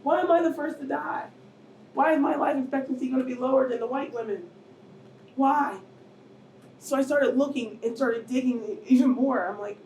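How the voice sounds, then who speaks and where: Her voice high and brisk, a middle-aged cancer survivor delivers an emotional testimony at a public panel talk, at times nearly shouting and at times tearful. The event hall holds an audience, and the distant mic captures roomy sound with faint noise.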